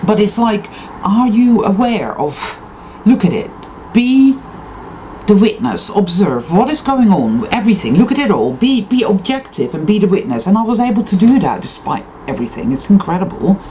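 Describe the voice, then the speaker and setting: This spiritual vlogger's unscripted monologue is emphatic, intense and profane self-affirmation, swearing freely at a moderate pace. Her pitch swings widely while her tone stays mellow and warm; the audio is poor, with faint background noise.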